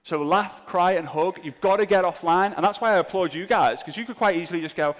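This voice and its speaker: A man's voice: high-pitched, a little fast, big-room sound. A man giving a comedic live seminar talk to an audience in an event room, joking and poking fun at himself with asides to the crowd. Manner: jokey, self-mocking, asides to the crowd. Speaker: seminar speaker.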